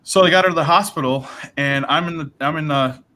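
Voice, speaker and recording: Bright-voiced man telling a rambling story. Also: fairly high pitch, brisk. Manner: rambling, animated, acts out dialogue with fillers like right and bro. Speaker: livestream host telling his sobriety story. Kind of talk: casual personal storytelling.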